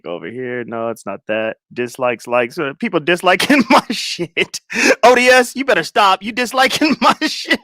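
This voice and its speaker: A man in his thirties running a casual livestream from a close desk mic, his voice pitched high and swinging widely as he laughs through nearly every line. The sound is dry and close, with no room around it. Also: a little slow, no echo. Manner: laughs constantly, loud and animated. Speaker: livestream host.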